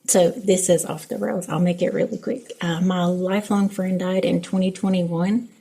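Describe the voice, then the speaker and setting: A woman from the American South talks openly in a podcast conversation. Her voice is mellow and a bit husky, and it sits lowish. She tells stories about home candidly and pokes fun at herself. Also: steady tone, normal speed. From Southern United States. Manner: candid and self-deprecating, acts out her son's lines. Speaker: mother.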